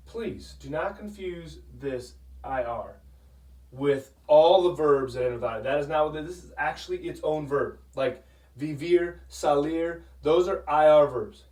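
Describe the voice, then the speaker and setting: A man teaching a Spanish grammar lesson, patient, repeating "okay?" often and sounding out words slowly. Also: on the high side, darkish tone. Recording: echoey room, voice from a distance.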